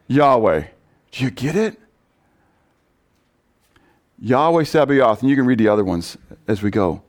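A man preaching a sermon, reading scripture aloud and often asking the congregation questions. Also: fairly low pitch. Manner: reads scripture aloud with rising emphasis. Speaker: pastor.

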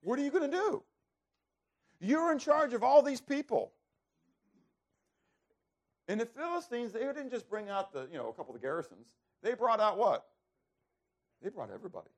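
A man's voice: very high-pitched, moderate pace, long pauses. A man preaching a sermon who keeps asking the listeners questions and answering them himself, often repeating words as he starts over. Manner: animated, asks rhetorical questions and answers them. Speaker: preacher teaching a Bible passage.

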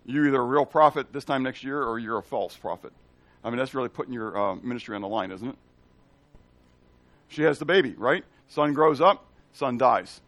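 A man with a medium-pitched voice gives an animated Bible teaching, putting questions to his listeners and performing the lines of the story's characters. The recording has no room sound.

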